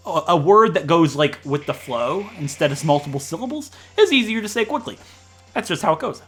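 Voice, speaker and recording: A man from Ohio with a Midwestern American accent, rambling and joking fast through casual gameplay commentary. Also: a little high, very animated, bright, forceful tone, husky, faint music behind. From Ohio, USA. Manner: fast-talking, rambling, jokey. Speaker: let's play commentator.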